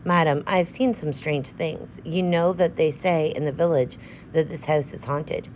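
A fussy, precise male detective with a clipped, self-assured manner, as a woman voices him in a storybook reading. The voice sits low. The recording is slightly dull, with a faint hiss behind it. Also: fairly even intonation, normal speed, darkish tone, close to an everyday voice. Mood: calm.

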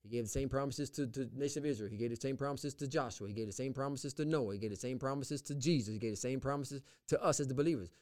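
A man's voice: medium pitch, fast talker, hardly any pauses, darkish tone. A man in the pastor role on a faith talk show, speaking with an emphatic, repetitive preacher cadence and reading scripture aloud. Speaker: pastor and podcast co-host.

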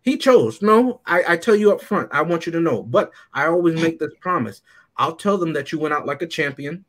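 A man's voice: a little high, expressive, a little fast, fairly bright tone. A man casually chatting as a podcast co-host, telling stories with animation and laughing often. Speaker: podcast co-host reviewing a movie. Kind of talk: casual chat.

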